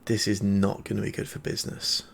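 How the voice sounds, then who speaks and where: A man doing a deadpan female assassin. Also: lowish voice, brisk, creaky, husky, exaggerated voice. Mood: glum. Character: weary female assassin, mercenary and dry.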